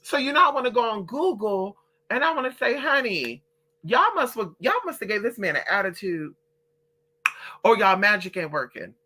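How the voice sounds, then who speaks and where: A woman recounts a story in a casual storytime vlog, animated and heavy on profanity. Her voice is bright and forceful. She keeps slipping into quoted voices of other people as she tells it. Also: mid-range voice, normal speed. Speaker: vlogger.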